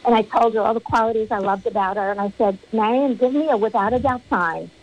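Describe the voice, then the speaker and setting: A middle-aged woman, a spiritual medium, speaking as a podcast guest and telling stories with lively acted-out quotes. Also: on the high side, fast, muffled recording. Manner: animated storyteller, acts out quotes. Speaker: spiritual medium and card reader.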